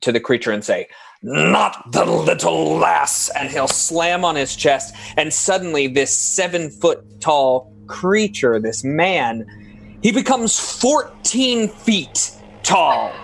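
A man playing a tabletop game, narrating his character's moves with drawn-out dramatic flair. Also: fairly high pitch, big pitch swings, a little hiss or hum. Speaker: player.

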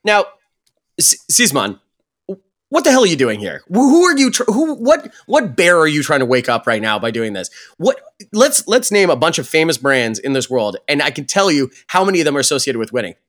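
A man's voice: medium pitch, sing-song, fairly quick, a bit bright. A man co-hosting a casual sports podcast, talking in loose, filler-heavy chat that turns into mocking, profane rants. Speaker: podcast co-host.

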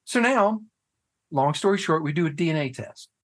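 A man talking casually on a podcast, telling a personal story with lots of swearing and sudden jumps into shouted disbelief. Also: on the high side, lively intonation, normal speed. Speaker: guest, head of a fathers' nonprofit.

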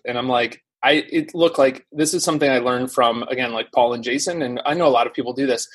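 A man as a podcast guest in casual live-stream chat, telling stories quickly and animatedly with lots of fillers. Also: medium pitch, husky. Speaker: podcast guest, SEO teacher.

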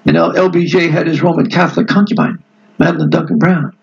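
A man's voice: a little high, little pitch movement, fast talker, vocal fry, lo-fi sound. A man reading a history book aloud to a book club and breaking off into emphatic, digressive asides to his listeners. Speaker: book club reader and host.

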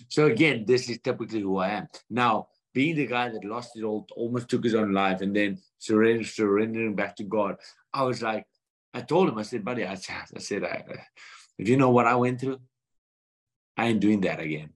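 South african man, thirties, earnest storyteller, lowish voice, acts out quotes. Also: fairly quick. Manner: earnest, animated retelling with quoted dialogue. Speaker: guest boxer. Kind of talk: storytelling in a podcast interview.

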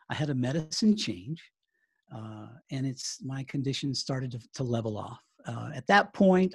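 Gravelly American man telling stories. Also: fairly high pitch, darkish tone, no echo. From United States. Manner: storytelling, chatty, with laughs and restarts. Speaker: interview guest, writer and former radio broadcaster. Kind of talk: casual interview chat.

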